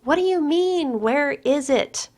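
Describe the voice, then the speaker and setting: A woman voicing a peevish young woman lover who calls out shrill and exasperated from another room. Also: expressive, slow, creaky, slightly rough, exaggerated voice.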